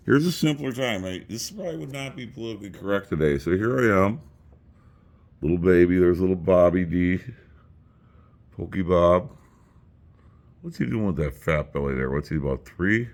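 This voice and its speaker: A middle-aged man casually rambling through family photos, crude and joking as he tells stories. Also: low voice. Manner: crude, joking, profane storyteller. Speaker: vlogger showing family photos.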